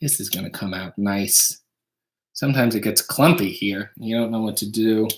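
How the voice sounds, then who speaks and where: A man's voice: on the low side, normal speed, background noise. A man hosting a casual livestream from his home kitchen, reading viewer donations and tossing off dry, wry jokes while making coffee. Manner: wry, dry joking asides.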